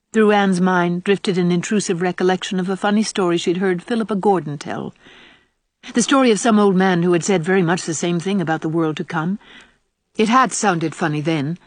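Female audiobook narrator, low, husky, dry close sound. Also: a little fast, dry recording. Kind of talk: scripted narration.

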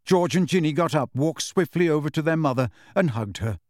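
A man narrating an audiobook in a measured, even storytelling delivery. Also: a little high, no room sound, studio quality.

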